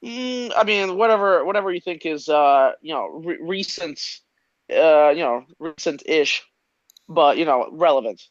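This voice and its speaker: A man's voice: on the high side, lively intonation, measured pace, no room sound, highs cut off. A man playing a tabletop game, talking hesitantly with stammers and lots of fillers. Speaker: player. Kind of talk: casual tabletop play.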